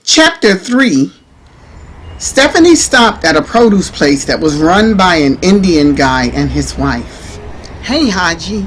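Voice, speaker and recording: A woman narrating an audiobook in a measured, expressive reading style. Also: low voice, slight background noise.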